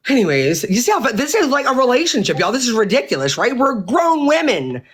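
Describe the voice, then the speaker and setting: A woman's voice: on the high side, very animated, brisk, husky. A woman hosting her own livestream, venting in an angry, exasperated rant full of swearing. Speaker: livestream host.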